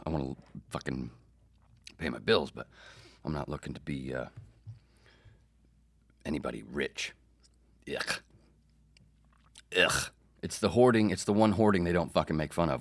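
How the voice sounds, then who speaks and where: A man's voice: extremely low pitch, lively intonation, measured pace, long pauses. A man hosting his own comedy podcast, talking in a rambling, sarcastic, profane monologue. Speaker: podcast host.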